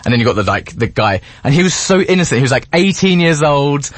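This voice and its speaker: A man hosting a radio chat, talking in an animated, rambling way and laughing a lot. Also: fairly high pitch, quick pace, no echo. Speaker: radio presenter. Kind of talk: casual interview chat. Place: radio studio.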